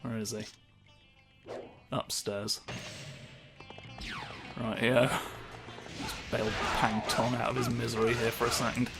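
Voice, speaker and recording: A man's voice: medium pitch, little pitch movement, unhurried, vocal fry, pauses often. A man giving casual, rambling commentary over his gameplay, joking and swearing often. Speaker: let's play host. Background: game music.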